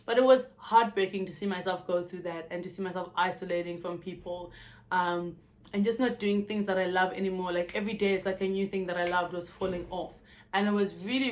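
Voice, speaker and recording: A South African YouTuber in her twenties tells her story animatedly in a candid personal vlog, speaking frankly and with profanity. Her voice is mid-range and her pace is brisk.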